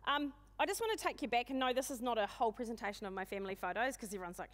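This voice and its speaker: A woman in her forties with a New Zealand accent, giving a humorous, self-deprecating keynote talk in a loud, booming voice and speaking fast. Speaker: conference speaker. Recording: long hall reverb.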